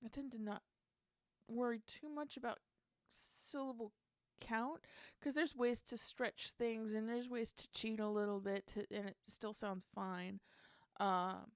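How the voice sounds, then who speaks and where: A woman's voice: on the high side, fairly even intonation, a little slow, no echo. A woman hosting a casual songwriting session, thinking aloud and trying out lyric lines under her breath.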